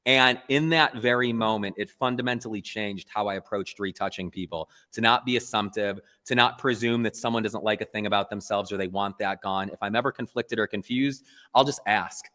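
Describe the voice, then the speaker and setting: A man, a photographer, being interviewed, telling stories in an earnest, animated way. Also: on the low side, fairly quick, few pauses, in a large hall. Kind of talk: casual interview talk.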